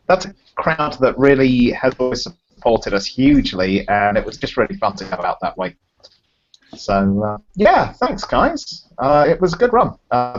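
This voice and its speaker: Male co-host, playful and animated, muffled call sound. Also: lowish voice. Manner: playful, joking, laughs easily. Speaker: podcast co-host. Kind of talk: casual chat. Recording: dull lo-fi call audio.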